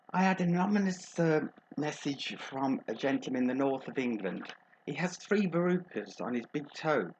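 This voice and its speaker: A man's voice: a little high, dull audio, slight background noise, close to an everyday voice. A man playing a chatty middle-aged female agony aunt from Birmingham who calls everyone darling and drops innuendo. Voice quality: gossipy, innuendo-laden, calls people darling. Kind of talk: comic advice show monologue.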